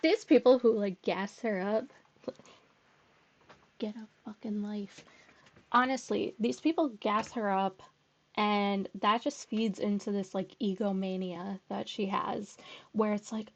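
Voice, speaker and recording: A woman's voice: mid-range voice, creaky, slight background noise. A woman giving blunt, sarcastic reaction commentary, swearing freely. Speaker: commentary YouTuber. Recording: dull muffled audio from headphone capture.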